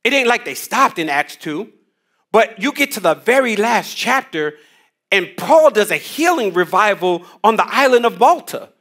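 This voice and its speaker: A man's voice: high-pitched, big pitch swings, moderate pace, a bit bright. A man leading a church Bible study on a headset mic, teaching with energy, casual slang and call-and-response lines to the room.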